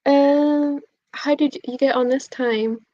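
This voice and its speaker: A young woman, bubbly and prone to little laughs, chatting to her viewers in a fairly high voice. The sound is dry and close, with a dull, lo-fi stream quality. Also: steady tone, takes it slowly, mellow, no room sound. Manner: bubbly, giggly, reading out chat messages. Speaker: booktube streamer. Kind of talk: casual live-stream chat.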